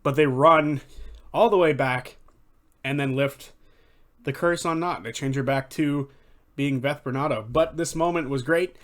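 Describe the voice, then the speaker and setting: A man's voice: a little high, a little slow, fairly bright tone. A man giving casual, enthusiastic video commentary, recapping favorite moments, swearing freely and correcting himself as he goes. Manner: enthusiastic, profane, rambling with self-corrections. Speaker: fan commentator.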